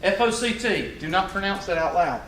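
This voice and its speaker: A man's voice: high-pitched, lively intonation, a little fast, a bit bright, slight background noise. A man with a Southern US accent teaching a math class, working through problems with folksy joking asides. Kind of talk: classroom lecture. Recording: echoey classroom from far off.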